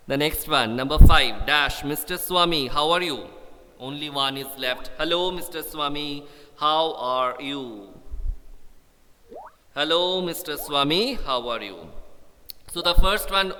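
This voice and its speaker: Man, school teacher, fairly high voice, long echoing classroom reverb. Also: lively intonation, slow, noisy background. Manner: patient, repeats example sentences for pupils. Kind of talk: live classroom grammar lesson.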